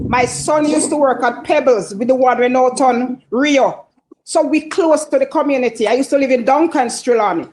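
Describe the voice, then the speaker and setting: A woman's voice: high voice, normal speed, a little mellow, a little hiss or hum, rough recording. A woman with a Jamaican accent calling in to a talk show, speaking passionately and emphatically, often repeating herself. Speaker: caller. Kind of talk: call-in chat.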